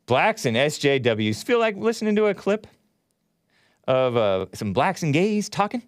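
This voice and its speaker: A man's voice: fairly high pitch, sing-song, unhurried, clear, resonant tone, no echo, studio quality. A man hosting a livestream show, talking casually and rambling, often spelling names out letter by letter. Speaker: show host.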